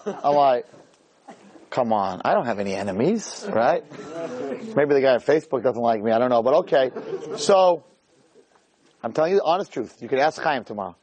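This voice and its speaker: A middle-aged man giving a jokey, animated storytelling talk as a rabbi, peppering it with "right?". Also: medium pitch, a little fast. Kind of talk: storytelling lecture.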